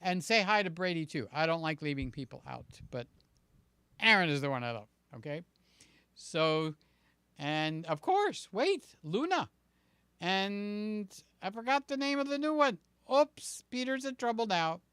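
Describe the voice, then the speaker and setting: A man hosting a live stream, chatting casually and warmly greeting his viewers by name. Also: high-pitched, very animated, unhurried, clear, resonant tone, no echo. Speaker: livestream host.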